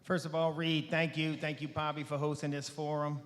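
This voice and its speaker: A man's voice: fairly high pitch, little pitch movement, moderate pace. Emphatic man in echoing auditorium. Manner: rousing, emphatic, repeats short slogans. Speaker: candidate for parish president. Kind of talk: closing statement at a candidates forum. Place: school auditorium. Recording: reverberant auditorium with long echo.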